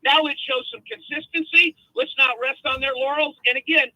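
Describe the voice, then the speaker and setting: A man's voice: extremely high pitch, fairly even intonation, normal speed, bright, forceful tone, dry recording, low-quality recording. A man in his fifties calling a sports radio show, giving earnest, rallying opinions about his team. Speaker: caller. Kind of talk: call-in sports commentary.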